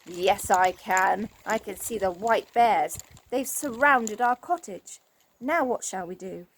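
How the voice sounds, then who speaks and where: A woman voicing a gruff, kindly father bear in a storybook reading, with a growly voice. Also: medium pitch, takes it slowly, a little hiss or hum. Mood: alarmed.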